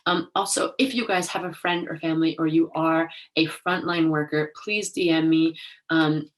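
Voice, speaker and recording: Low-voiced chatty young woman host. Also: a little hiss or hum. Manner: chatty, rambling, heavy use of "like"; openly emotional, laughs at herself. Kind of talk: casual solo show chat.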